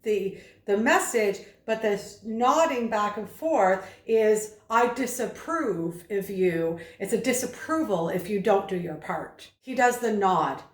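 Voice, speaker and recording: A woman's voice: medium pitch, animated, unhurried, hardly any pauses, echoey room. A woman speaking coach giving an analytical video commentary, explaining and acting out the vocal emphasis she describes.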